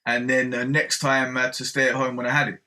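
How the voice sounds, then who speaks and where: Casting note: male podcast co-host, bright tone, relaxed, casual swearing. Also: medium pitch, quick pace. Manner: laid-back, swears casually. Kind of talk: casual chat.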